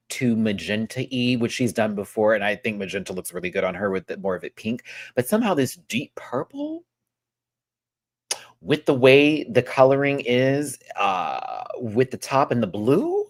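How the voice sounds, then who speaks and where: A man hosting a live reaction review, talking in an animated way and repeating words for emphasis. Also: medium pitch, normal speed. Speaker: host.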